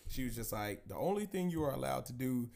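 A man hosting a podcast, telling a long story in casual, profane, animated chat with lots of laughing. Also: mid-range voice, fast talker, vocal fry. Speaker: podcast host.

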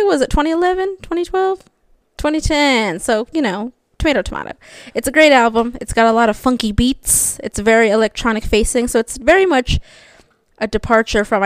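A woman's voice: a little high, no room sound, studio quality. A young woman co-hosting a casual podcast, chatty and upbeat, often laughing as she talks. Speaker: podcast co-host.

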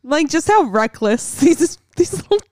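A woman's voice: high voice, very animated, measured pace, a little mellow, dry recording. Woman, casual chat, reactive, profane, dry close mic. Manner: reactive, profane, laughs often. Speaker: podcast co-host.

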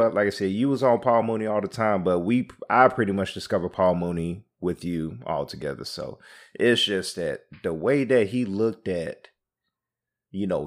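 Man, podcast co-host, low voice, relaxed casual chat, frequent laughs. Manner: laid-back, reminiscing, laughs often.

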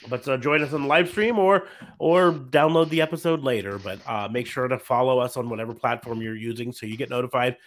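A man in his thirties hosting a casual podcast, rambling through wrap-up plugs with plenty of ums and restarts. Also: mid-range voice. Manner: relaxed, rambling with many fillers. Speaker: podcast host.

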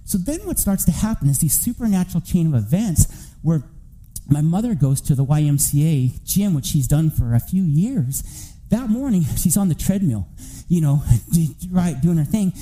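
Male preacher, high voice, very bright edge, animated storyteller, builds to near-shouting. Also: moderate pace, rough recording. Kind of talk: sermon testimony.

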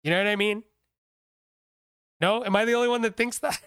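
A man's voice: high voice, brisk, fairly bright tone, smooth, no echo, studio quality. A man hosting a podcast, rambling and joking casually with plenty of swearing and a Texan accent. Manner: rambling, profane, jokey. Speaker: podcast host. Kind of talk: casual chat.

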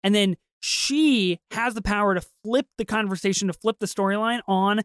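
Smooth-voiced woman, quick casual chat. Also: medium pitch, no room sound. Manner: fast, animated, with repeated restarts. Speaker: podcast co-host.

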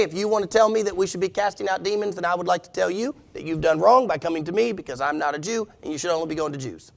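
A man's voice: sits high, vocal fry. A man preaching to his congregation. He is emphatic and keeps turning to the listeners with rhetorical questions. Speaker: pastor. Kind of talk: sermon.

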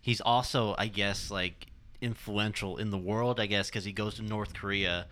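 A man's voice: lowish voice, fairly even intonation, normal speed, bright, forceful tone. A young adult man, a comedian, chatting casually in an easygoing, musing way. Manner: easygoing, agreeable, musing aloud. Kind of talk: casual chat.

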